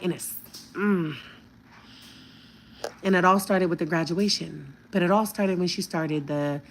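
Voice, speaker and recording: A woman's voice: fairly low pitch, a little hiss or hum. A woman in her fifties telling a heated story to her viewers, blunt and profane. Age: 50s. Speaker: vlogger.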